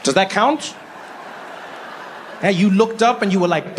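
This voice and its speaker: A South African man performs stand-up on a comedy stage before a live audience, telling stories animatedly and asking rhetorical questions. His voice is high and a little slow, and the recording has a long reverb tail and background noise.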